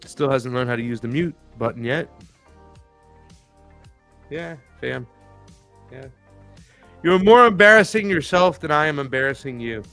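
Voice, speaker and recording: A man's voice: medium pitch, lively intonation, measured pace, vocal fry, long pauses, sharp tone, faint music behind. A man hosting a casual political talk show over a video call, joking, rambling and swearing freely. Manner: loose, joking, profane, rambling. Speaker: host.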